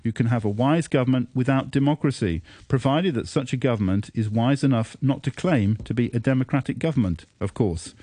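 Halting male radio host, dry studio sound. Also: mid-range voice, dark tone, no room sound. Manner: halting, with many "uh" fillers between phrases. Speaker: radio phone-in host reading listener messages. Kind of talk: radio talk show. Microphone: studio microphone.

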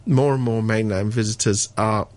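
A man's voice: fairly low pitch, fairly even intonation, moderate pace, a little mellow. A man giving blunt, sardonic opinions as a regular commentator on a radio talk show.

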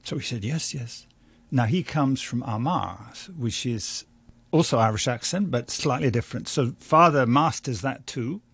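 An older man, a journalist and writer, recounts his past in a reflective interview. His voice is gravelly and a touch husky, and he tells it in a measured, anecdotal way with small restarts. The recording is dry and close. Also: mid-range voice, fairly bright tone, no echo. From London, England.

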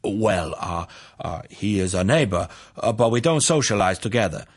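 A nervous neighbor on the witness stand, hedging with "uh"s and trailing off, as a man reads him in his own low, husky voice. His replies are halting and wary. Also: expressive. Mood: hesitant. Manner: hesitant, with fillers.

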